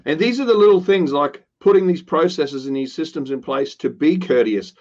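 A man's voice: on the high side, normal speed, a little mellow, highs cut off. A man co-hosting a casual business chat, talking earnestly and slipping into upbeat quoted lines. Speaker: podcast co-host.

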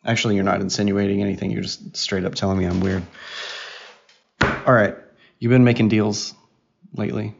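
A man's voice: fairly low pitch, steady tone, a little fast, creaky, pauses often, background noise. A man co-hosting a casual family podcast with his daughter, talking in a teasing, playful way. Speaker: podcast co-host, father. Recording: dull lo-fi recording.

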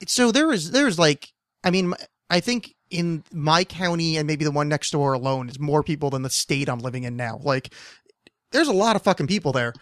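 A man's voice: on the high side, animated, normal speed, no room sound, clean studio sound. A man in his thirties from New Jersey, hosting a casual podcast chat; he rambles, swears freely, laughs often and is losing his voice. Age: 30s. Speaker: podcast host.

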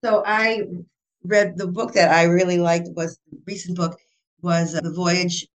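An older woman, a children's author and guest, retelling her book's plot in a casual, animated way with laughs. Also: lowish voice, measured pace. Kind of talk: casual storytelling interview.

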